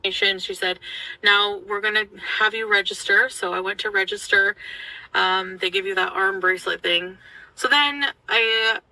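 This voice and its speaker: A French Canadian woman with a very bright, sharp voice tells a story to her camera. She rambles and fills pauses with ums. Her pitch sits in a middle range. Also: low-quality recording. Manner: rambling, many fillers and restarts. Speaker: vlogger. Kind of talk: storytelling vlog.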